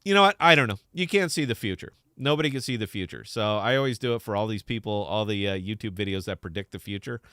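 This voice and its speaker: A man's voice: on the low side, quick pace, hardly any pauses, no echo, clean studio sound. A man hosting a podcast in casual, unscripted chat, brash and profane, teasing his co-host.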